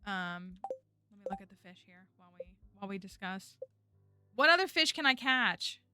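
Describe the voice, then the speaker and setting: A woman's voice: mid-range voice, expressive, normal speed, sharp tone, smooth, dry recording, faint music behind. A woman streaming a game, talking casually and rambling with lots of fillers. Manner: chatty, rambling, many fillers like "like" and "um". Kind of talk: casual gameplay chat.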